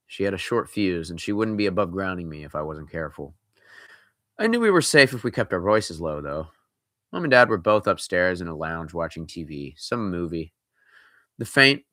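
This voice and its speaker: Man, scary story reading, casual joking asides, deep voice, dry close sound. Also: bright, forceful tone, no echo.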